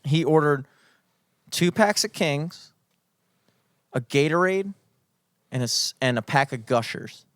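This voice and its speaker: A man's voice: a little high, lively intonation, slow, long pauses, a bit bright, no echo. A young man co-hosting a podcast, telling a story in a casual, profane, mock-outraged way. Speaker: podcast co-host.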